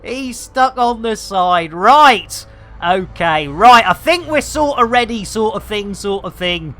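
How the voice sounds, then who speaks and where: Excitable woman streaming a game. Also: mid-range voice, slow pace, faint music behind. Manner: jokey, excitable, lots of fillers and exclamations. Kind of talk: casual live-stream chat while playing.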